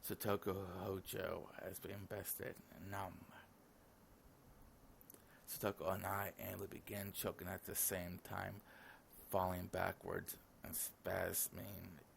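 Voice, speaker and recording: Gravelly low-voiced man reading a game. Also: little pitch movement, slow pace, slight background noise. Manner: reads every character's lines in his own voice, with casual asides. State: sleepy, yawning. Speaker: gaming channel host. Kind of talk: reading a visual novel aloud.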